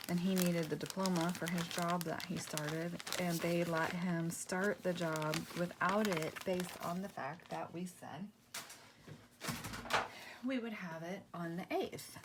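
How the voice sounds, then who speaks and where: A woman in her forties, a craft vlogger, chatting casually and rambling through a story while she works, sometimes dropping to a soft near-whisper. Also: on the low side, measured pace. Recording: paper crinkling noise in the background.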